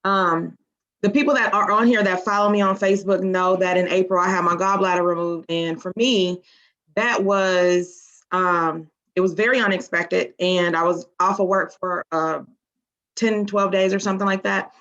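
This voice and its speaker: A woman's voice: on the low side, steady tone, moderate pace, fairly bright tone. A woman team member sharing a personal testimony on a group call, earnest and close to tears. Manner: earnest, emotional. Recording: dull lo-fi sound.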